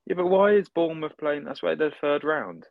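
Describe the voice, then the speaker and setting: Jokey bloke, guest on a chat show, dry muffled sound. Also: male voice, a little high, a little fast, creaky, no room sound. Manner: jokey, banters. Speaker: guest, football fan. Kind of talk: casual chat.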